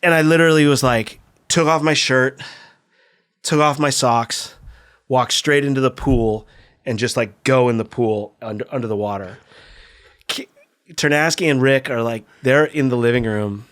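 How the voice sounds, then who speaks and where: A man's voice: medium pitch, moderate pace, fairly bright tone, smooth. A middle-aged man from California, a skate video filmer, telling a story casually in a podcast interview, profane and acting out the voices of the people he quotes.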